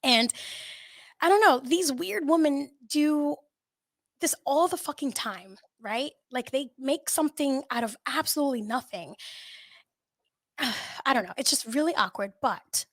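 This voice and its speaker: A woman with a high, expressive voice hosts a podcast, speaking at a measured pace in a dry recording. She tells a story in casual chat full of swearing and laughter.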